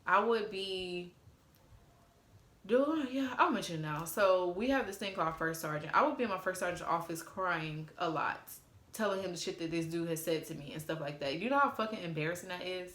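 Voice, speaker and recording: A woman in her twenties vlogs a casual storytime, addressing viewers directly with a sassy, profane, exasperated retelling. Her fairly low voice runs a little fast and a bit bright, with a roomy echo.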